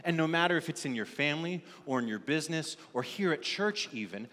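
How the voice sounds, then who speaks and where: A man preaches a sermon from the pulpit, telling a story and briefly acting out its characters. His voice sits fairly high for a man. The sound carries a long reverb from the church sanctuary. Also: animated, brisk, bright, forceful tone. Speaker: lead pastor.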